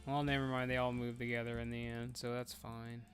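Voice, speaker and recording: A man's voice: mid-range voice, little pitch movement, brisk, fairly bright tone, faint music behind. A man streaming an online game as raid leader, casually chatting and giving blunt, profane instructions to his teammates. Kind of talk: casual live gaming chat.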